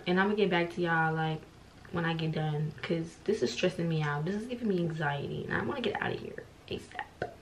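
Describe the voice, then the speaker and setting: A woman's voice: medium pitch, noisy background. A young woman, vlogging casually and profanely to viewers while getting ready at home, self-mocking and frank. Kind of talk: get-ready-with-me vlog.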